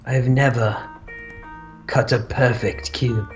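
A laid-back man talks slowly as a guest in a gaming session, often stumbling and repeating words between laughs. His voice comes through a dull, lo-fi voice chat mic, with faint music behind. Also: medium pitch, fairly even intonation. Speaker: guest co-player. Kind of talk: casual gameplay chat.

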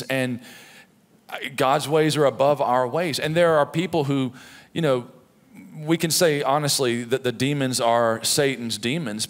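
A middle-aged pastor preaching a sermon in a conversational, storytelling way, with frequent "right?" asides. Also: male voice, mid-range voice. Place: church sanctuary. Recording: long reverb of a church hall.

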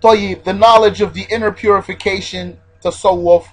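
A man's voice: high-pitched, fairly even intonation, a little fast, slightly rough, low-quality recording. A man teaching a religious lesson, repeating his key points and stressing Arabic terms as he explains.

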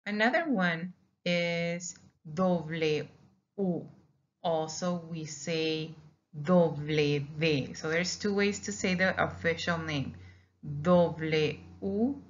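Woman teacher, slow and deliberate, low voice, dull lo-fi audio. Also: a bit bright. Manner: slow, drills syllables with many "okay?" checks. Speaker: Spanish teacher. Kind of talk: recorded slideshow lesson.

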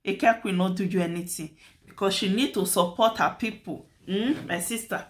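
Slight background noise sits behind her medium-pitched voice, which moves at a moderate pace. A Nigerian-accented woman hosting a commentary channel, she chats through a dispute in Nigerian Pidgin, lecturing and repeating her points.

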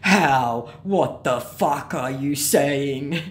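A woman voicing a pushy male online scammer who pleads in halting, broken English. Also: extremely low pitch, full character voice. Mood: indignant.

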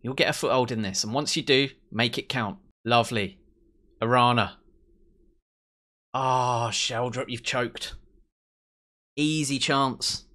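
A young man commentating on his own football management game, excitable, cheering his team and mocking rivals. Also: medium pitch, slow pace, pauses often. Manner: excitable, swears and mocks players. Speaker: let's play host.

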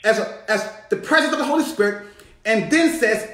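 High, lively preaching bishop in echoey church. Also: male voice, fairly quick. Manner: rising, shouting preaching with call-and-response. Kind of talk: sermon. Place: church sanctuary.

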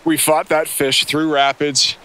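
A man's voice: fairly high pitch, flat delivery, a little slow, bright, forceful tone, clear, resonant tone. A man giving enthusiastic, exclamatory fishing commentary and tips from a boat on a river. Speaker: angler on a fishing show.

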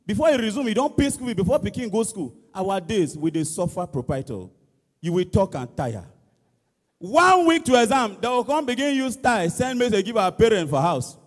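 A Nigerian man tells stand-up comedy with lively, animated delivery in a very high voice. His voice rings out with a long echo through a large church hall. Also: a little fast. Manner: animated, mimics school songs and shouts. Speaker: comedian contestant. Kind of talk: stand-up comedy in Pidgin and English.

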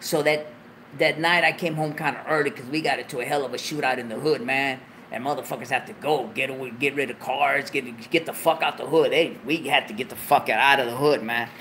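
A man hosting a talk show, telling a story in a profane, animated way, loudly acting out what was said. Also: mid-range voice, brisk, a little hiss or hum. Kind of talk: casual storytelling.

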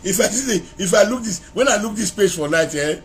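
A man with a Nigerian Pidgin accent talks straight into a phone held close to his face, his voice sitting a little high for a man. He rambles in a casual, animated live-video monologue to his followers. Now and then he slips into chanted praise calls, with a faint hiss of noise behind him. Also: brisk. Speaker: social media vlogger.

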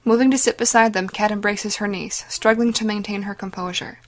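A woman giving dramatic, measured scripted narration of a story. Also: mid-range voice, fairly even intonation. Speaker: audiobook narrator.

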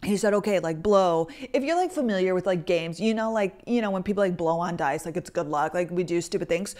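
A woman's voice: on the low side, fairly quick, darkish tone. A young woman hosting a podcast, chatting casually into a microphone and telling stories with lots of "like" fillers. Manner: chatty storyteller, heavy use of "like". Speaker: podcast host. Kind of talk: casual chat.

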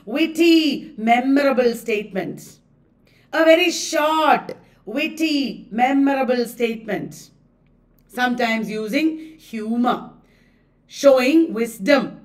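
A woman's voice: fairly high pitch, far from the mic. A woman with an Indian English accent teaching a live online class, emphatic, repeating key phrases and checking that students understood.

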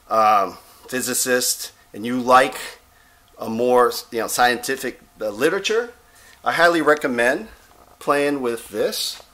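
A man giving a rambling, digressive vlog talk as a self-styled reverend, often pausing to check in with listeners. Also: mid-range voice, fairly bright tone. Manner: rambling, digressive, with frequent "okay?" check-ins. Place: Texas.

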